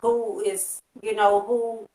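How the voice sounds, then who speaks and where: Excitable woman host, echoey room. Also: mid-range voice, recorded from a distance. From Atlanta, USA. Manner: excitable, rambling, quick laughs. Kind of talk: casual interview chat. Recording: echoey room, away from mic.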